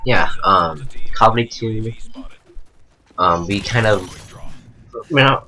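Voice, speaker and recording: A man's voice: lowish voice, slow pace, heavy background noise. A man chatting casually about video games, rambling with many fillers and restarts. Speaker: co-commentator. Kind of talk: casual gaming chat.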